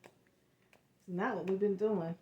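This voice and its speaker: A woman giving an emotional tarot reading, talking in halting, searching bursts with repeated words. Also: mid-range voice, steady tone, dark tone, highs cut off, slight background noise. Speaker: tarot reader. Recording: echoey room.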